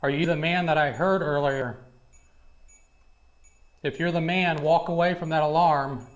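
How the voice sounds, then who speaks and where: A man investigating a dark, cold old building alone, talking in a hushed, jumpy way and calling out to unseen spirits. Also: fairly high pitch, fairly even intonation, unhurried. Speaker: paranormal investigator. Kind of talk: ghost-hunting narration and calling out to spirits.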